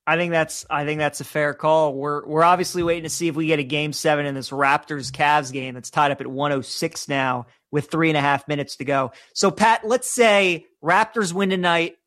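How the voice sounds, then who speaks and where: A man with a somewhat high voice talks sports with his co-host, eager and chatty as he makes his picks. The sound is dry and close, with no room echo. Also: a bit bright. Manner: enthusiastic, chatty, gives picks. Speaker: sports talk show co-host. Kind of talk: casual sports talk and predictions.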